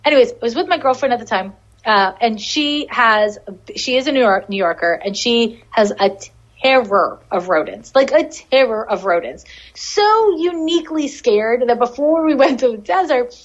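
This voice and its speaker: A woman's voice: on the high side, lively intonation, normal speed. Laughing, rambling woman telling a story. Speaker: podcast guest, animal communicator. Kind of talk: casual storytelling. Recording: dull lo-fi audio.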